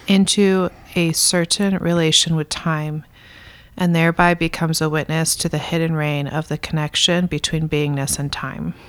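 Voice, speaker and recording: A woman reading a dense philosophy text aloud in a measured, deliberate way. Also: fairly low pitch, clean tone, dry recording. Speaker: reader in a philosophy reading discussion.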